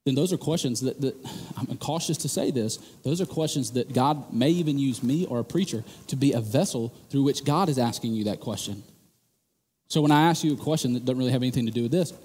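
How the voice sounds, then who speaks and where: Husky-voiced animated preacher in a big hall. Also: male voice, medium pitch. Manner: animated, jokey storytelling with rising emphatic bursts. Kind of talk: sermon.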